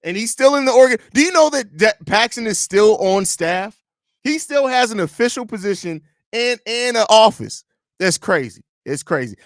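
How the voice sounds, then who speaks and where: A man's voice: sits high, animated, normal speed, no echo, clean studio sound. A man hosting a live sports podcast, rambling and joking profanely while reading chat aloud. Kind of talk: casual live-stream chat.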